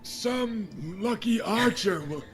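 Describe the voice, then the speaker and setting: A man doing a booming jovial king. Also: expressive, heavily acted. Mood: bellowing. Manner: bellowing, slow proclamations. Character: booming jovial bearded king, boisterous and generous.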